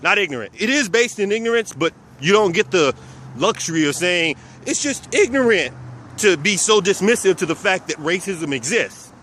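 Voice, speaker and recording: A man's voice: high-pitched, lively intonation, normal speed, a bit bright, slight background noise. A man from South Texas casually telling personal stories, speaking of himself as "we" and chuckling now and then. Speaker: vlogger.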